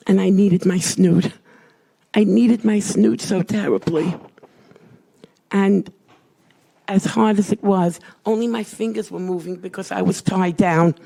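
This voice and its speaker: A woman giving an emotional personal testimony, swinging from loud cries to hushed whispers. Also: mid-range voice. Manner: dramatic, rises to cries and drops to whispers. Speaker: storyteller recounting a hospital ordeal.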